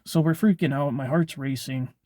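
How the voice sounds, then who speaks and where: A man's voice: mid-range voice, fairly even intonation, normal speed, warm tone, dry recording, studio quality. A young man casually telling a personal story on his vlog, rambling, with lots of filler words and swearing. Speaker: vlogger.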